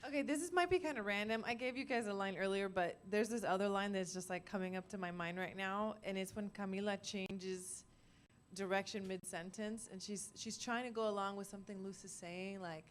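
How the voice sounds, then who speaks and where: A woman's voice: medium pitch, fairly even intonation, brisk. A woman voice actor on a live panel, rambling casually and giggling.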